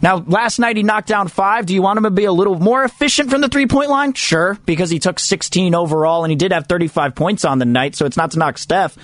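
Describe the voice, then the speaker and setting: A man's voice: high-pitched, dry recording. A man hosting a sports talk segment, talking casually and emphatically with jokey asides. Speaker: sports radio host.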